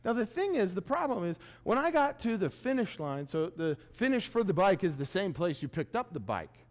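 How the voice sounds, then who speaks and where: Animated, high-voiced male keynote storyteller. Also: normal speed, long reverb tail. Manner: animated, self-mocking, acts out his own reactions. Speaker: keynote speaker. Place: large event room before an audience.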